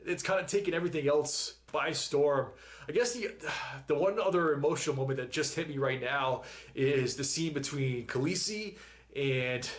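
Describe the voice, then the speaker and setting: A man hosting a reaction video, talking in a casual, rambling way while still emotional after crying, with frequent sighs and laughs. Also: on the high side. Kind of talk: casual chat.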